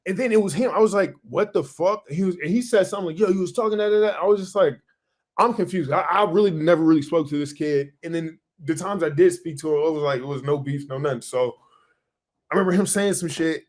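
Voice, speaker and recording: A young man co-hosting a podcast, telling a story in casual chat, animated and swearing freely as he acts out what he said back then. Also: on the high side, fast talker. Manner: animated, swears a lot, acts out his own past lines. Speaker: podcast co-host.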